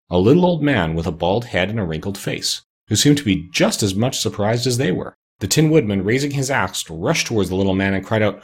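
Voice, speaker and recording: Narrator: husky man, low voice, lively storybook reading. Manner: expressive, measured reading.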